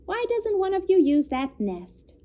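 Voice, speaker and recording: A woman voicing a hungry male cat in a read-aloud storybook, shouting in a high, frantic voice. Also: big pitch swings, measured pace, full character voice. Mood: scolding.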